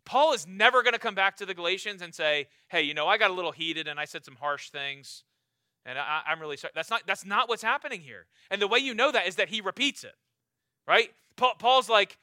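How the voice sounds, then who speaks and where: A man preaching a sermon as pastor, emphatic and repetitive, swinging from loud urging to quiet low lines. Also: lively intonation, a little fast, no room sound, clean studio sound.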